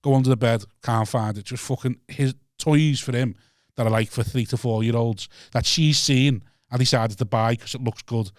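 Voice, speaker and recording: A man with a Liverpool accent telling a sweary, animated story on a podcast, acting out his own shouting. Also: medium pitch, normal speed, no echo, clean studio sound. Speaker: podcast co-host and stand-up comedian. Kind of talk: casual chat, storytelling rant. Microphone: studio mic.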